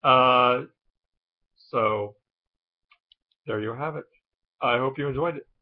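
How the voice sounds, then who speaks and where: A man explaining something in a casual, halting way, with frequent ums and uhs. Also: mid-range voice, dull audio. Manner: hesitant, many ums and uhs. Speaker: video host.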